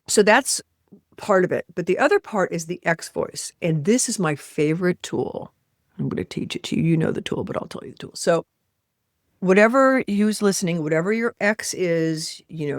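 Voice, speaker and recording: A woman's voice: lowish voice, normal speed, dry recording, clean studio sound. A woman author as an interview guest, leading a guided exercise in an emphatic, blunt manner and swearing freely. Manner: animated, acting out voices in quotes.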